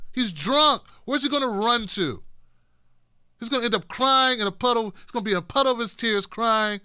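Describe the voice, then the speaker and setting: A man's voice: high-pitched, lively intonation, brisk, sharp tone, clear, resonant tone, dry recording. A man hosting a casual livestream commentary show, reacting sarcastically to news clips. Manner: sarcastic, talks back to clips. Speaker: political commentary show host. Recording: dry close sound.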